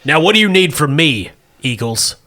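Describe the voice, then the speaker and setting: A man narrating a comedic tabletop game as game master, setting scenes deadpan and laughing often. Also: a little high, normal speed.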